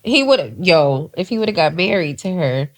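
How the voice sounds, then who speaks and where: A woman's voice: on the low side, moderate pace. A woman co-hosting a podcast, chatting casually and telling stories with lots of "like" and some swearing. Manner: animated storytelling, swearing, lots of "like" and "child". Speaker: podcast co-host. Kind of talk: casual chat.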